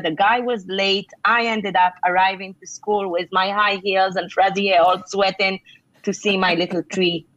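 A middle-aged woman author answering interview questions with earnest, conversational advice, filling pauses with "you know". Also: mid-range voice, fairly bright tone, dry recording. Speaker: author and leadership speaker. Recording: dull lo-fi sound.

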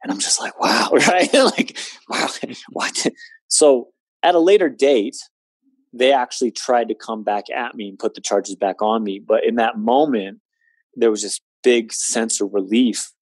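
A man's voice: medium pitch, moderate pace, darkish tone, no echo. Earnest man telling his story. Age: 20s. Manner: earnest, conversational, with many fillers. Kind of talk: personal testimony in conversation.

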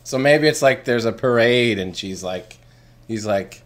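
A man co-hosting a casual chat, animated, laughing often and trailing off quietly at the ends of his thoughts. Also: medium pitch, unhurried.

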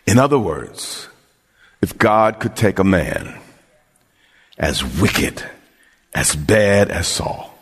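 A male pastor preaching with passion, stacking repeated phrases and building to shouted questions. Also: lowish voice, husky, in a large hall. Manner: impassioned, repetitive preaching with shouted climaxes. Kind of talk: sermon.

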